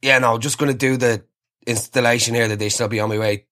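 A man voicing an unimpressed male satellite installer who answers in a quiet, flat, deadpan way. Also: mid-range voice, fast, close to an everyday voice.

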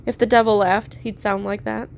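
A woman narrating a story aloud in a steady, measured reading. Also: medium pitch, gravelly, slight background noise. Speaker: fan fiction reader.

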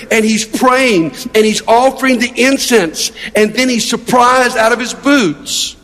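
Very high-voiced and fairly bright, a middle-aged pastor delivers a sermon in a chatty storytelling style, asking rhetorical questions. The sound carries a long hall reverb.

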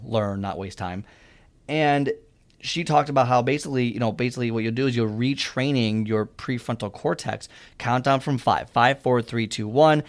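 A young man talking casually and earnestly about a fitness mindset, rambling and restarting his sentences as he gives advice. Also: medium pitch. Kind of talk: casual motivational monologue.

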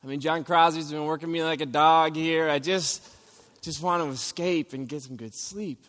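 A man in his thirties preaching a sermon, telling stories with animated delivery and sudden loud outbursts. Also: fairly high pitch, moderate pace, long reverb tail. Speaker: pastor.

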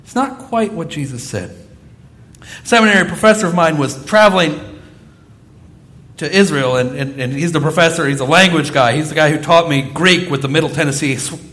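A man preaching a sermon as pastor, telling stories with lively, acted-out quotes. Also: on the high side, a little fast. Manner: animated storytelling, acting out quoted voices.

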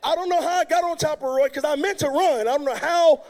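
High-pitched male preacher who tells jokey stories in his sermon, lively and loud at times. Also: fast talker. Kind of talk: sermon with comic storytelling.

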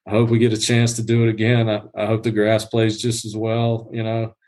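A man's voice: fairly low pitch, completely flat delivery, brisk, a little mellow. A man chatting casually as a podcast guest, telling a story with many restarts and fillers. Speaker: guest groundskeeper. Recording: livestreamed podcast.

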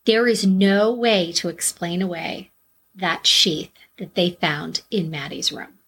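A woman's voice: fairly low pitch, takes it slowly, creaky, a bit bright, a little hiss or hum. A woman co-hosting a true-crime podcast, talking bluntly in casual chat and swearing freely. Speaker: podcast co-host.

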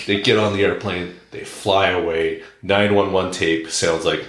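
A man's voice: sits low, steady tone, measured pace, hardly any pauses, a bit bright. A man hosting a podcast and telling a rambling, irreverent comedic story. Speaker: podcast host. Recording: echoey room.

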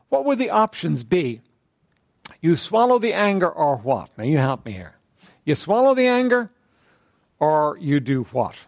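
A man leading a church group in a conversational talk on faith, asking questions of the group and often clearing his throat. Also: a little high, no room sound, clean studio sound.

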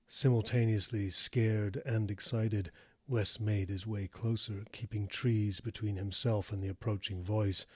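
A man reads a story aloud in a low, slightly husky voice, steady and measured. The recording is close and dry, with no room sound. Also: no room sound. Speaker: narrator. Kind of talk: audiobook narration.

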